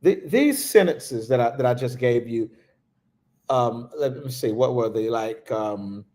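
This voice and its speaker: A man giving a livestreamed spiritual talk, slow and reflective, dropping to a hush on key phrases. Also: medium pitch. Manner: slow, reflective, with hushed pauses. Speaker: spiritual teacher.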